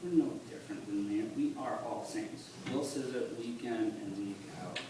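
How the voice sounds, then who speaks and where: Earnest man speaking in an echoey church. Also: fairly low pitch. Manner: halting, conversational, earnest. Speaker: church member giving testimony. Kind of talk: personal testimony at church. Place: church sanctuary. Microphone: phone in the congregation. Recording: echoey church on a distant phone, noisy.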